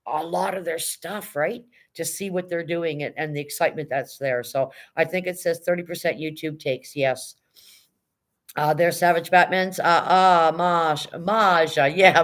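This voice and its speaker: A middle-aged woman chatting casually on a livestream, greeting her chat and speaking bluntly. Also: on the low side. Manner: blunt, no-nonsense. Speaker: live streamer greeting chat.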